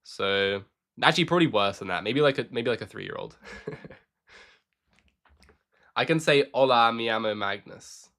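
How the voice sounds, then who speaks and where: A man's voice: medium pitch, lively intonation, normal speed, gravelly, pauses often, a bit bright. A young man chatting casually with his live-stream audience while playing chess, joking and answering questions.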